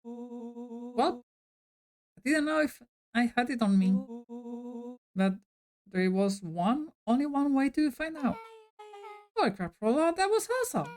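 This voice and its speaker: A woman voicing a group of excitable young kids on a nighttime adventure, jumpy and breathless. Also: on the high side, a little slow, long pauses, pitched above the performer's own voice. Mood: frightened.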